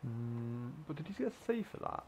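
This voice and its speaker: A man gives casual, sarcastic commentary over his own gameplay, cursing freely at his teammates. His voice is gravelly with a creaky edge. His pitch swings widely between mutters and exclamations. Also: sing-song, rapid-fire, slight background noise. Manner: sweary, sarcastic banter at teammates; frequent exclamations and laughs.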